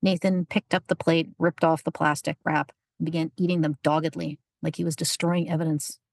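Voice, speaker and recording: A woman reads a story aloud in an even, unhurried manner. Her voice sits low with a husky, gravelly texture. The sound is close and dry. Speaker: narrator. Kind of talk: audiobook narration.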